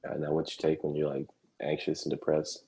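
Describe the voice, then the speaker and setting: A man's voice: rumbling low, completely flat delivery, fairly quick, mellow. A man co-hosting a podcast, trading crude jokes in casual chat. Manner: joking, crude banter. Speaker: podcast co-host.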